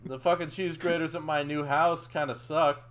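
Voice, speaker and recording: A man hosting a casual podcast chat, relaxed and swearing in offhand asides. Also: a little high, moderate pace, a little hiss or hum. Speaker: podcast host.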